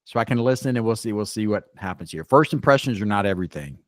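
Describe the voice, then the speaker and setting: Low-pitched man, casual co-host, teasing and rambling, dry close mic. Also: lively intonation, fast talker, dry recording. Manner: playfully judgmental, rambling with restarts. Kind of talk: casual group chat.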